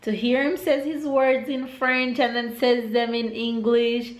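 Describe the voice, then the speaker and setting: Slow-talking Jamaican woman vlogging at home. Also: level tone. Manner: chatty, laughing often, coaxing her toddler in a high sing-song. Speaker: vlogger, mother. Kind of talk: casual home vlog. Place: home, indoors.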